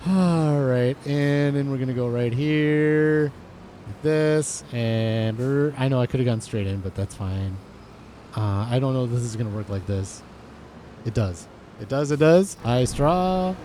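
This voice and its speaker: Chatty, excitable man with a higher voice. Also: a little hiss or hum. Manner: chatty, excitable, thinks aloud with fillers. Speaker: gaming channel host. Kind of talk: casual let's-play commentary.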